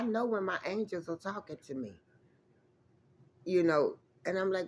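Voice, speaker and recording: A woman's voice: on the low side, moderate pace, a little hiss or hum. A woman vlogger telling a rambling, emphatic story to her viewers in a casual way, swearing freely and calling out to them as y'all.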